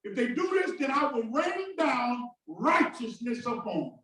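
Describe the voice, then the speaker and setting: Very high-voiced and very animated, a male pastor preaches a little slowly in the sanctuary. His impassioned sermon uses call-and-response, alternating shouting bursts with abrupt drops. The recording is very echoey and distant.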